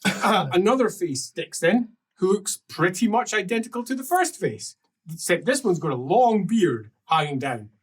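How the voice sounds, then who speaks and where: A game master narrating a tabletop roleplaying game in an animated, laughing storytelling manner. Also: mid-range voice, normal speed, breathy edge, recorded from a distance.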